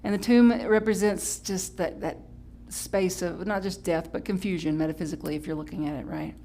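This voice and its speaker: A woman pastor preaching a Sunday sermon in a chatty, playful way, breaking into sudden high exclamations and correcting herself as she goes. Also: fairly quick, warm tone. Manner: chatty, with restarts and self-correction. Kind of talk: live-streamed Sunday sermon.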